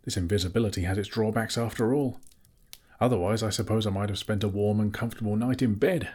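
Guy doing a bruised hobbit fella, wry and shaky, kinda husky, audiobook. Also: lowish voice, fast, darkish tone. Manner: wry, self-mocking. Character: bruised, wry male hobbit, shaken after battle.

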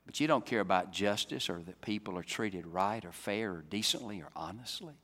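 A man preaching a sermon, swinging from loud, emphatic climaxes down to soft, low passages. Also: fairly quick. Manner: dynamic, rising to loud emphatic peaks then dropping soft. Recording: reverberant hall.

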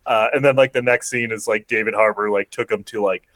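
A man's voice: lowish voice, fairly even intonation, a little fast, fairly bright tone, no echo. A man co-hosting a podcast, casually retelling a movie plot with lots of fillers and small laughs. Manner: rambling, many fillers, laughs while retelling. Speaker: podcast co-host. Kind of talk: casual movie recap chat.

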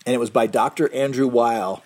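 A middle-aged man recounts a personal story in a loose, conversational way. His voice has a husky, slightly breathy edge. He restarts and corrects himself often. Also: medium pitch, a little fast, darkish tone. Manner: rambling, self-correcting, with laughs and restarts.

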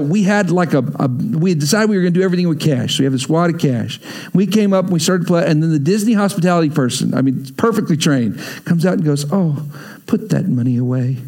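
A man's voice: sits high, darkish tone. A middle-aged man, preaching a sermon as a pastor, telling stories with playful acted asides and sound effects.

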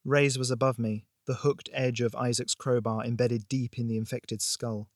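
A man hosting a fiction podcast, reading a tense horror story aloud in a dramatic, measured way. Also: medium pitch, level tone, no echo, clean studio sound. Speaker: podcast host and narrator. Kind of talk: scripted audiobook narration.

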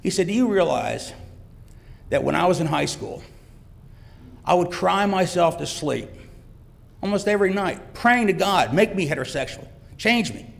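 A man's voice: high voice, animated, moderate pace, gravelly, pauses often. A middle-aged man giving a heartfelt, emotional personal testimony in a church. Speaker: church guest speaker, father. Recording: long church reverb.

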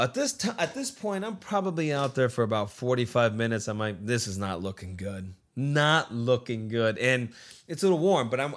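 A man's voice: medium pitch, a bit bright. Rambling, profane man telling a story. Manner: rambling, profane, acts out quoted friends. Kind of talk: casual profane anecdote.

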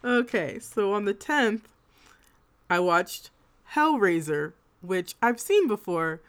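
A woman's voice: medium pitch, sing-song, takes it slowly, a bit bright. A woman co-hosting a podcast, chatting casually about films, swearing and laughing mid-sentence. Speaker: podcast co-host. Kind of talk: casual chat.

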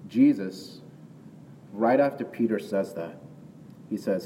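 With a fairly low, dark voice and lively intonation, a pastor preaches slowly in a conversational manner, frequently checking in with "right?" and building into emphatic outbursts. He sounds far away, with long hall reverb, faint ambience, and slight background noise.

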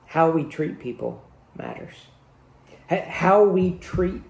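A man's voice: on the high side, vocal fry, mellow. A male pastor preaching a sermon in a conversational way, with rhetorical questions, in a church hall. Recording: echoey room.

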